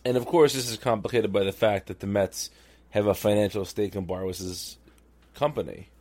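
A man with a lowish voice co-hosts a casual sports podcast. He talks in a wry, sleepy way and reads out listener email. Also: moderate pace, darkish tone. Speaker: podcast co-host.

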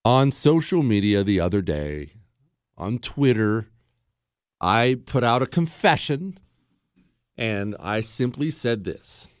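A man's voice: lowish voice, big pitch swings, takes it slowly, pauses often, clear, resonant tone, dry recording. A man hosting a talk radio show, sarcastic and bantering with his producers in the studio. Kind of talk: casual talk radio monologue. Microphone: studio microphone.

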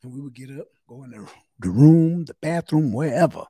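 A man's voice: mid-range voice, animated, a little fast, dark tone, breathy edge, no room sound, studio quality. A middle-aged man co-hosting a podcast, telling crude stories in drawling slang while sick. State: sick, recovering. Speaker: podcast co-host. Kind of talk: casual chat.

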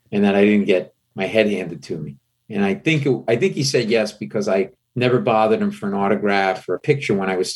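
A male comedian guest on an interview, telling self-mocking stories in an animated way. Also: fairly low pitch, breathy edge. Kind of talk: casual storytelling interview.

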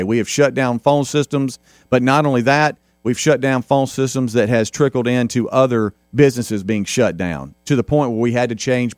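A man's voice: mid-range voice, no room sound, studio quality. A middle-aged man hosting a casual talk radio show, rambling with lots of fillers and restarts.

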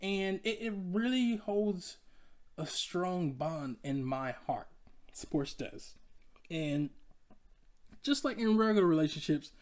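A podcast host from Georgia, riffing in a casual solo monologue. The delivery is chatty and playful, with frequent laughter, and it is pitched right at the listeners. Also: darkish tone. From Georgia, USA.

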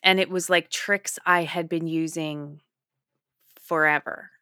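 A middle-aged woman speaks as an interview guest, her voice sitting low. She tells stories with energy and slips into the voices of the people she quotes. The sound is dry and close. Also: slow pace, clean tone, dry recording. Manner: animated storytelling, acts out quotes. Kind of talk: casual interview chat.

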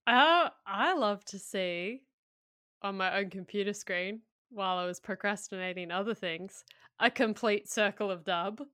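A woman's voice: medium pitch, a little slow, a bit bright, no echo, clean studio sound. A woman co-hosting a sports podcast, chatty and a little hesitant. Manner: nervous, chatty, hesitant with ums. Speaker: podcast co-host. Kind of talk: casual sports podcast chat.

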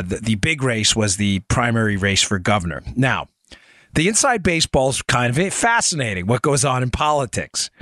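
A man's voice: medium pitch, a bit bright, no echo. A man hosting a political talk show, explaining points in an emphatic, digressive way and speaking straight to his listeners. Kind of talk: conversational political monologue.

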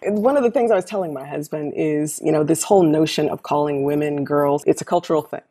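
Woman, deep voice, husky, emphatic, casual conversation. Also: quick pace, warm tone. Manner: emphatic, repeats key phrases.

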